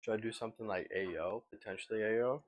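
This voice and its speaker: A man's voice: on the low side, brisk, dull audio. A young man talking loosely on a livestream in a joking, slangy way. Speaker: streamer. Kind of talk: casual livestream chat.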